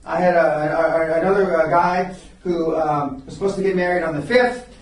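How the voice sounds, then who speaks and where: An older man speaks with a fairly high voice, telling blunt, profane stories to a seminar room and often breaking off to restart his sentences. He is captured from a distance, and the room's strong echo rings around every line. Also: fairly even intonation, normal speed. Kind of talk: live seminar storytelling. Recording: very echoey room, recorded from far off.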